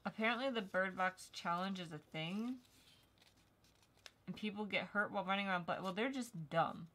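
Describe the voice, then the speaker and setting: A woman's voice: mid-range voice, moderate pace, fairly bright tone. A young woman co-hosting a live stream, chatting casually and teasing her co-host. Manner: chatty, teasing, laughs easily. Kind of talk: casual chat.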